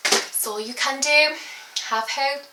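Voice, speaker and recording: A young woman chatting casually through a haul video, rambling and filling pauses as she goes. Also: high voice, heavy background noise. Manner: chatty and rambling, full of giggles and fillers. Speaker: beauty vlogger. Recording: echoey room.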